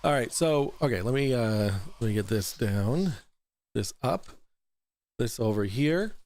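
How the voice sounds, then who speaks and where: A man hosts a casual livestream talk show, reading viewers' super chats aloud in a mid-range, darkish voice with lively intonation and a slightly slow pace. He rambles, restarts sentences, swears freely and laughs often, while faint music plays behind him.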